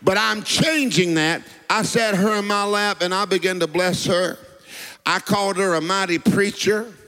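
A man's voice: high voice, normal speed, pushed and bright, long reverb tail. A man, preaching a sermon in a rhythmic, sing-song cadence and calling out to the congregation. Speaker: pastor.

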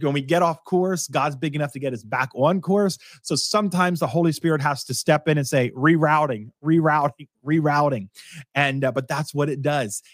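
A man's voice: medium pitch, no echo, clean studio sound. A man preaching a sermon in a conversational, storytelling way, full of asides and questions to the listeners. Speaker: pastor.

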